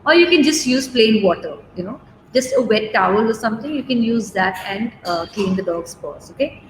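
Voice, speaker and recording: A woman's voice: on the high side, expressive, moderate pace. Casting: woman groomer, chatty, reassuring, roomy echo, faint noise behind. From India. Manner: chatty, reassuring, many fillers and "okay?" checks. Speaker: dog groomer. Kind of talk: live demo and Q&A.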